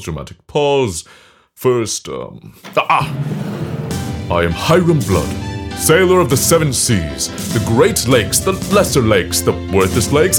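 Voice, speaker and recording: A man playing a pompous, grandiose Victorian sailor and scientist who leads a secret society, with theatrical proclamations. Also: medium pitch.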